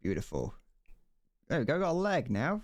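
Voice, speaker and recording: A man's voice: a little high, wildly swooping pitch, normal speed. Rambling, laughing British man streamer. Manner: rambling, stammering restarts, frequent laughter. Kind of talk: casual livestream chat while building a model kit.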